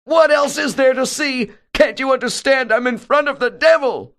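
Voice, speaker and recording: A man voicing a terrified fiery preacher from the 1920s who cries out in a shrill, panicked voice. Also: lively intonation, unhurried, a bit bright. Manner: panicked, crying out.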